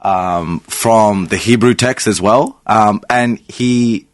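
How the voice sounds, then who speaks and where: A young man with a fairly low voice speaks as a guest, thoughtful and quick to mock himself. He ponders big questions out loud, and the sound is close and dry. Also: no echo. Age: young adult. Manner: thoughtful, self-deprecating, ponders aloud. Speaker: podcast guest. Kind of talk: casual podcast chat.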